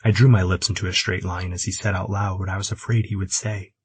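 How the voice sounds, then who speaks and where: A man reads a romance audiobook in a steady, even storytelling manner. His voice is low and husky. The recording is dry and close, with no room sound. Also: brisk, dry recording. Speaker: audiobook narrator. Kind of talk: scripted narration.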